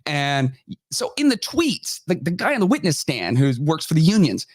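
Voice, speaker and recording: A man's voice: on the high side, unhurried, no room sound. A man hosting a podcast, giving casual, mocking commentary and acting out the quotes he retells. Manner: animated, mocking, acts out quotes. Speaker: podcast host.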